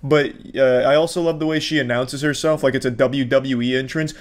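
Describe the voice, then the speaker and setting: A man's voice: medium pitch, fairly even intonation, fairly quick. A man hosting a casual reaction commentary, sarcastic and profane. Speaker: commentary channel host.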